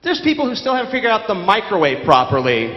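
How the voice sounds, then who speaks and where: Sardonic New stand-up, echoey hall. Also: male voice, high-pitched, fast. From New York. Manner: sardonic, deadpan storytelling. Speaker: stand-up comedian. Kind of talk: stand-up comedy set. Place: large theater stage. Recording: echoey theater hall, dull lo-fi.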